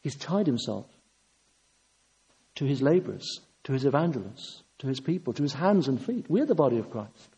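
A man's voice: mid-range voice, big pitch swings, normal speed, mellow, poor audio. An older man preaching a sermon, earnest and emphatic, driving his points home with repetition.

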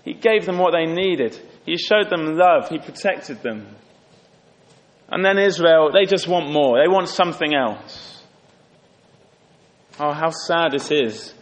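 A man preaching a sermon earnestly, lifting his voice for emphasis and dropping low and quiet on solemn points. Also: lively intonation, slow, pauses often. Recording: long hall reverb.

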